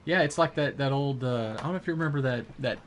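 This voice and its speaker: A man's voice: medium pitch, fast, slight background noise. A man chatting casually with his viewers while gaming, rambling with lots of fillers and restarts. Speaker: live streamer.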